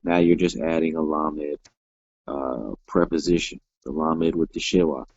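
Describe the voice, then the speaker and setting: Slow, deep-voiced man teaching grammar. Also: fairly even intonation, darkish tone, dry recording. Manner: patient, explains step by step, many "all right" fillers. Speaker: Hebrew teacher. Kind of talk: classroom grammar lesson. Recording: dull lo-fi dry sound.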